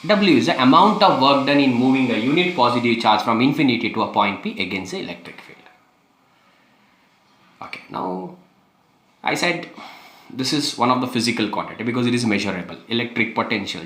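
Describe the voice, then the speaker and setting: A man's voice: mid-range voice, animated, fairly quick, a bit bright, roomy sound. A man teaching a physics lesson, repeating key phrases with emphasis and asking rhetorical questions. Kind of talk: classroom lecture.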